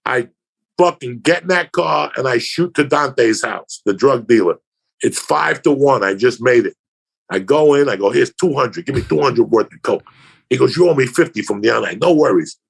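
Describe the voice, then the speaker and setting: Brief: male comic, crude and profane anecdote teller, husky voice with a lively, swinging delivery. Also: mid-range voice, normal speed. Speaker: comedian guest. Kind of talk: casual podcast storytelling.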